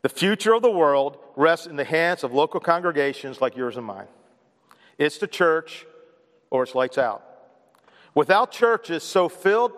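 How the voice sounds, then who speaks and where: High-voiced preaching man in a reverberant hall. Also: fairly bright tone. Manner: emphatic, repetitive preaching with call-and-response. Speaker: pastor. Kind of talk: sermon. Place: church sanctuary.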